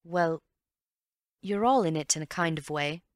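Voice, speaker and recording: A woman reading an audiobook and voicing a calm, wry gentleman amateur detective who reasons in an unhurried, teasing way. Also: deep voice, no room sound, clean studio sound. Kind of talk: audiobook character voice.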